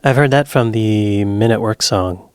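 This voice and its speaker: A man's voice: lowish voice, measured pace, a little mellow, smooth, dry recording. Laid-back American man reacting, dry sound. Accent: American English. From United States. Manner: repeats words back, laid-back. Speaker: reaction channel host. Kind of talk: casual reaction commentary.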